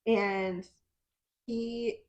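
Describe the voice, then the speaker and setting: A woman co-hosting a podcast in casual chat, relaxed, with short replies and easy laughter. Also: a little high, very slow, highs cut off. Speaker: podcast co-host.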